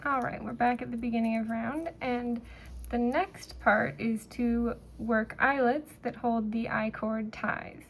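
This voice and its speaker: Woman knitting instructor, slightly high voice, unhurried, faint background hiss. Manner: relaxed, talks while knitting, fillers and pauses. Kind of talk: step-by-step craft tutorial.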